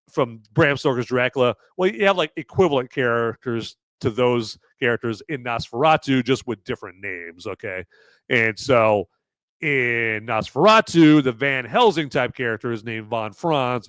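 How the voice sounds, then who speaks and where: A man hosting a podcast, giving a casual, rambling movie review with animated asides. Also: mid-range voice, clean tone, no room sound, studio quality. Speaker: podcast host.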